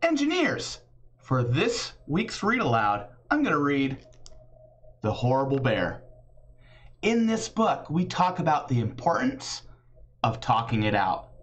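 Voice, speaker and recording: A woman teacher reading a picture book aloud to children, with big expressive swings in her delivery. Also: a bass voice, a little slow, breathy edge, low-quality recording. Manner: animated, big swings for characters.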